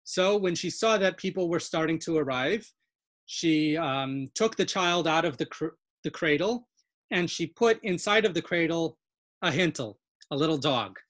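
A woman's voice: deep voice, expressive, moderate pace, no room sound. A woman teaching an online webinar on Yiddish dialects over a video call, explaining word origins with eager enthusiasm and frequent "um"s. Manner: enthusiastic, self-described nerd, explains with many fillers.

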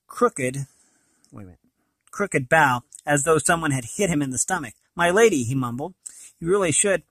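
Man, storybook reader, slightly high pitch, dead-dry close recording, plain unhurried delivery, small slips. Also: fairly bright tone, dry recording. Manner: plain, unhurried reading with frequent slips and restarts. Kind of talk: reading a novel aloud.

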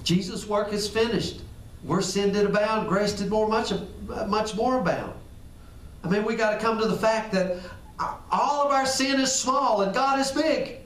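A man's voice: high voice, normal speed, fairly bright tone. A man preaching a casual, conversational sermon, acting out little dialogues and repeating phrases for emphasis. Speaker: pastor. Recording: echoey room, far from the mic.

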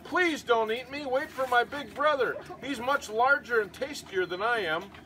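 A man's voice: very high-pitched, moderate pace, pushed and bright, slight background noise. A man voicing the middle-sized billy goat, a nervous male goat pleading not to be eaten.

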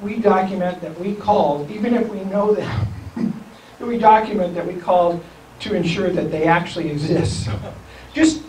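High-voiced man speaking in an echoey room. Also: moderate pace, a little mellow. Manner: rambling, self-correcting, chuckling. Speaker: county school superintendent, guest speaker. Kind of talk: informal talk to a civic group. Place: meeting room. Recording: echoey room, distant mic, faint hiss.

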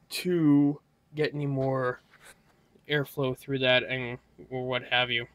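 A man's voice: medium pitch, fairly bright tone, no echo. Tired young man rambling about hardware. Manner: rambling, halting with many fillers. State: tired, yawning. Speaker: tech hobbyist vlogger. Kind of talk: casual hardware walkthrough.

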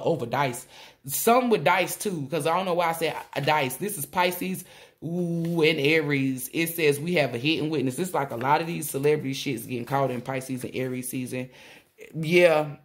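A woman tarot reader talking casually to viewers, rambling and excitable, often exclaiming and relaying messages in blunt slang with swearing. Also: low-pitched. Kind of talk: casual spiritual reading to viewers.

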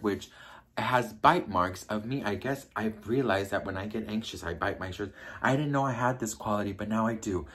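A man chatting casually as he tells a gossipy storytime, full of fillers and asides. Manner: breaks into high-pitched impressions when quoting people. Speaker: YouTuber.

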